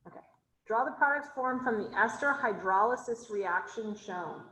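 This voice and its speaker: A woman's voice: on the high side, moderate pace, pushed and bright, echoey room, poor audio. A woman chemistry instructor teaching an online class, asking her students question after question and thinking aloud as she draws. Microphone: video call.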